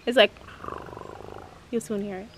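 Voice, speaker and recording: A woman's voice: mid-range voice, steady tone, measured pace. Chatty woman vlogging with noise behind her. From Jamaica. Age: 20s. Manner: chatty, laughs often, coos at pets. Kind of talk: casual vlog talk to camera. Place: in a car, then outdoors at a family home.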